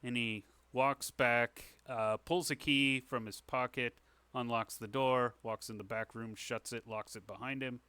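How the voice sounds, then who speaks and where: A man's voice: mid-range voice, fairly even intonation, a little slow, sharp tone, clean tone, no echo. A man narrating as game master in a tabletop game, describing scenes casually with many fillers. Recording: online session.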